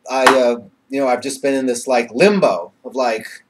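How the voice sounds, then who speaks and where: A man's voice: mid-range voice, fairly even intonation, normal speed, noisy background. A young man talks into his webcam in a loose, rambling way, full of fillers and curse words. He sounds nervous and emotional, slipping into laughs between phrases, and his voice sits in an ordinary middle register. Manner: rambling, heavy swearing, many fillers. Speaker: vlogger. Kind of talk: casual webcam vlog.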